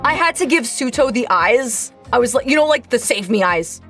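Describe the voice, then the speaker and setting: High-pitched woman, chatty VTuber storyteller, rambling and animated, soft music behind. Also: normal speed. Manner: animated, oversharing, many fillers and stammers. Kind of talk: casual storytelling chat.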